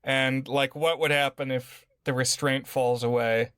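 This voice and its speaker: A man's voice: medium pitch, level tone, measured pace, fairly bright tone, clear, resonant tone, no room sound, studio quality. A man co-hosting a podcast, casually discussing a movie in an easygoing way, often laughing as he talks. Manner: easygoing, laughs while talking. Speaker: podcast co-host.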